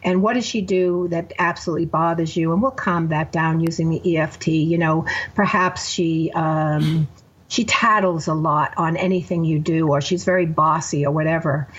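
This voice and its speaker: A woman's voice: sits low, steady tone, moderate pace, slightly rough, muffled recording. A woman therapist guest on a podcast, explaining her method step by step with examples. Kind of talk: podcast interview.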